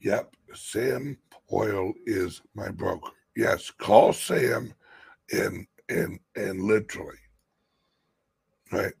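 A man hosting a crypto channel in an impassioned vlog rant. He talks urgently, drops to hushed whispers, rises to shouts, and swears freely for emphasis. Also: fairly low pitch, very slow, vocal fry, slightly rough, no room sound.

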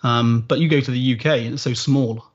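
A husky-voiced man in his forties speaks with a West Country accent that carries an Australian twang. He talks in a laid-back, matey way, recorded on dull, muffled audio. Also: mid-range voice, steady tone, brisk. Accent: West Country English with an Australian twang. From Southwest England. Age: 40s. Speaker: guest, retired soldier. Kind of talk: casual interview.

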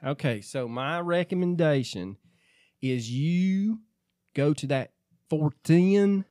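A man co-hosting a podcast, reading items out in a dry, deadpan manner. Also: on the high side, slow, dry recording. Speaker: podcast co-host.

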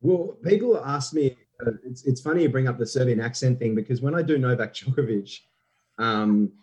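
A man's voice: medium pitch, brisk, a little mellow, slightly rough, poor audio. A young Australian man, a guest impressionist, chatting and telling stories on a podcast. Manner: chatty, storytelling, laughs easily. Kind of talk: casual podcast chat.

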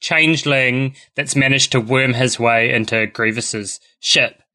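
A man co-hosting a podcast, chatting in a wry, animated way and laughing easily. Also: medium pitch, unhurried. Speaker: podcast co-host. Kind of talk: casual chat.

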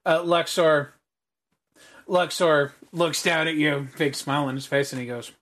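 A man narrating as game master of a tabletop role-playing game, voicing characters by dropping low and quiet. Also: steady tone, a little slow.

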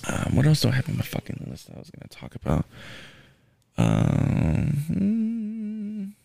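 A man's voice: medium pitch, very animated, very fast, vocal fry, a little mellow, no room sound, clean studio sound. A young man hosting a casual solo podcast, ranting with lots of swearing and filler words. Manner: profane, ranting, frequent "man" and "um". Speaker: podcast host. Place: Houston.

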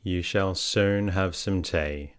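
A kind, patient young woman from an old storybook who speaks soothingly to her sick sister, read by a man. The voice is deep and slow, with a smooth, resonant tone. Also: no echo, studio quality. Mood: gentle. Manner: soothing, tender.

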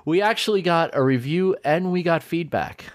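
A man hosting a podcast in casual chat, animated and rambling with restarts. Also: on the high side, normal speed, no room sound, studio quality. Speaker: podcast host.

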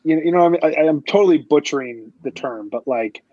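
A man's voice: on the high side, fast, mellow, breathy edge, dry recording, muffled recording. A man hosting a podcast, chatting casually in a rambling way with many restarts and fillers. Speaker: podcast host. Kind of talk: casual chat.

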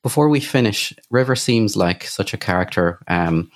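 A man's voice: on the low side, lively intonation, normal speed. A man hosting a podcast, friendly and chatty, complimenting his guest and talking with casual fillers. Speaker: podcast host. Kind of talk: casual interview.

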